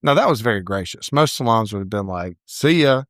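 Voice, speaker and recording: Animated male storyteller, dry close sound. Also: lowish voice, a little fast, dry recording. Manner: animated storyteller, acts out quoted voices, laughs often. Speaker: salon owner, podcast co-host. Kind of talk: casual storytelling chat.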